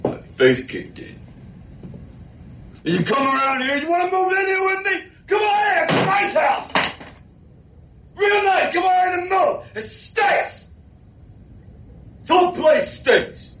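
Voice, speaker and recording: An actor playing a bitter, struggling boxer, shouting a tirade in a film scene. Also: male voice, very high-pitched, big pitch swings, a little slow, pauses often, recorded from a distance, heavily acted. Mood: furious ranting. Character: bitter, struggling male boxer in his thirties. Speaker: film character. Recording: roomy film clip from afar with faint hiss.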